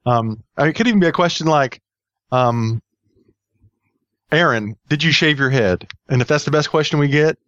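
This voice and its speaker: A man's voice: on the high side, lively intonation, moderate pace, pauses often, a bit bright, dry recording, lo-fi sound. A man hosting a casual podcast, rambling and joking with many fillers. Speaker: podcast host.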